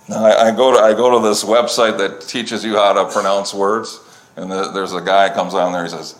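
A man's voice: lowish voice, level tone, moderate pace, slight background noise. A man preaching a sermon, reading scripture at length and breaking off into conversational asides. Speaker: pastor.

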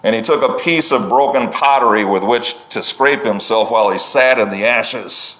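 A man's voice: medium pitch, normal speed, fairly bright tone. A man preaching a sermon, reading scripture at length and breaking off into conversational asides. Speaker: pastor.

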